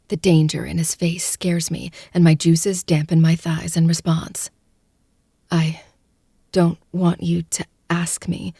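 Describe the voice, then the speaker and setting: Reading a first-person audiobook, this deep-voiced woman stays close to the microphone with soft, breathy intimacy, often sinking into a whisper. There's no echo.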